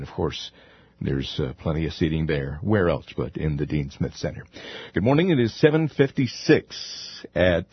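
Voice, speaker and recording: A man hosting a morning radio show, reading local notices in a conversational way with pauses and fillers. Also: deep voice, husky, dry recording, dull audio. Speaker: radio station host.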